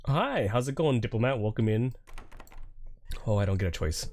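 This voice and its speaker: A man's voice: medium pitch, expressive, moderate pace, a little mellow. A man streaming a horror game with casual commentary, joking and swearing, with jumpy reactions to scares.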